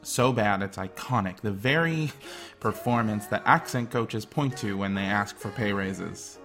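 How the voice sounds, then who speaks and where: A man's voice: fairly low pitch, unhurried, fairly bright tone, faint music behind. A man narrating a scripted video essay in a wry, enthusiastic way.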